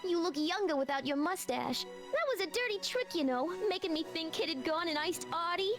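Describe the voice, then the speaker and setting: A woman's voice: very high voice, lively intonation, fairly quick. An actress playing a brassy young showgirl who talks in breezy 1930s slang, with game music behind. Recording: game audio with music bed.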